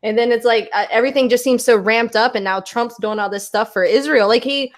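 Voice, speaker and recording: A woman's voice: a little high, brisk. Chatty American woman host. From United States. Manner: chatty, many fillers. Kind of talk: casual chat.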